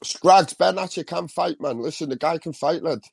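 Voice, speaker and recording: Gravelly, talkative man from Liverpool. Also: on the high side, normal speed, a little mellow, no room sound. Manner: rambling, talkative, swearing. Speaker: live stream co-host. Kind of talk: casual live stream chat.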